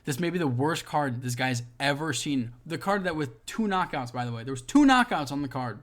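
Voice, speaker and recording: A man's voice: a little high, lively intonation, fairly quick. Profane, ranting man reacting to comments. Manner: swings between mutters and loud outbursts. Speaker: host reading and reacting to fan comments.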